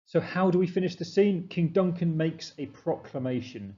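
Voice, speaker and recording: Male teacher, mellow low-ish voice, explanatory revision lesson, slightly lo-fi voice-over. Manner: explanatory, emphatic, reads quotes slowly.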